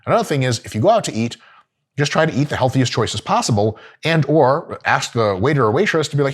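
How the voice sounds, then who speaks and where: A man in middle age gives diet advice in a blunt, profane, comedic way. He swings between deadpan asides and bursts of mock outrage as he riffs. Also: mid-range voice, quick pace, husky. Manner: brash, swearing, jokey, swings into mock outrage. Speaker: host.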